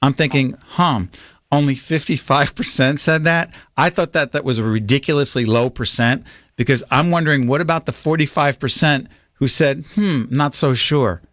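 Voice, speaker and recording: A man hosting a call-in radio talk show, chatty and quick to laugh. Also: mid-range voice, fairly bright tone, no room sound. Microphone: studio microphone.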